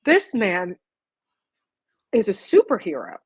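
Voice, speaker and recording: A woman hosting a podcast with a slightly husky voice and an eager, quick way of asking questions. She is recorded close and dry, with no room sound. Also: mid-range voice, wildly swooping pitch, no room sound, low-quality recording. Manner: eager, talks in quick bursts with restarts. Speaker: podcast host. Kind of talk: casual interview chat.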